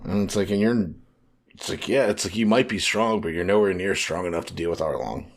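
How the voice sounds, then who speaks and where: Man animatedly recapping a story. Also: low-pitched. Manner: animated recap acting out characters' lines in quick paraphrase. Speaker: podcast co-host. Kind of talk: casual podcast chat.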